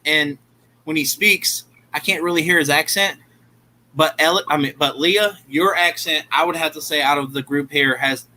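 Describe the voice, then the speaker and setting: A man chatting casually on a video call, telling jokey stories in an animated way. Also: fairly high pitch, slight background noise, rough recording. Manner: animated joking storyteller. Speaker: group chat participant. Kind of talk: casual chat.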